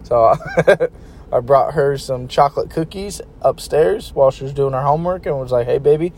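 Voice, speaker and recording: A man's voice: medium pitch, moderate pace, a little mellow, slight background noise. Blunt, casual man giving advice. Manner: blunt and informal, talks to listeners like buddies. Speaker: relationship advice vlogger. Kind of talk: casual advice talk to camera.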